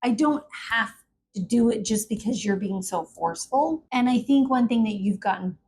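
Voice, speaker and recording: A woman co-hosting a relaxed couple's podcast, talking things through with reflective candor. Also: a little high, normal speed, a little hiss or hum. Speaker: podcast co-host. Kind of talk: casual couple's conversation.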